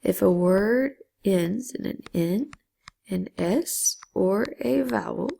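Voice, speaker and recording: A woman gives a patient Spanish grammar lesson, walking through each rule step by step and slipping into a whisper on key syllables. Her voice is deeply gravelly and dark-toned, and she takes her time. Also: slow, a little hiss or hum. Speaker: Spanish teacher.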